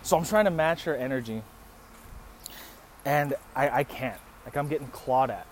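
Recording his podcast outdoors by a street with traffic passing, a man in his thirties speaks at normal speed in a mid-range voice. He tells an animated story full of profanity and bursts of laughter in a casual way.

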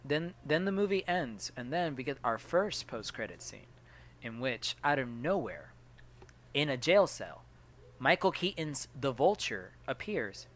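A man's voice: medium pitch, sing-song, unhurried. A man co-hosting a podcast, recapping a movie in casual chat with rambling, self-interrupting storytelling. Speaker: podcast co-host.

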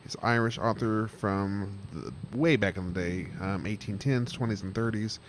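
A man's voice: on the low side, moderate pace, slight background noise. A man co-hosting a podcast, rambling in casual chat and often losing his train of thought with a laugh. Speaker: podcast co-host.

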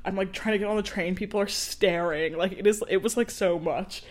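A woman in her twenties, a podcast co-host, telling a story in casual chat. She is animated, laughs often and acts out the people she quotes. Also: medium pitch, a little fast.

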